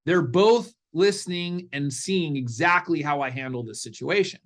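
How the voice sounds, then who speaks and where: A middle-aged man, a parenting coach guest in a podcast interview, telling stories in an animated way and acting out what people said. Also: a little high, moderate pace. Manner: animated storyteller, acts out quotes.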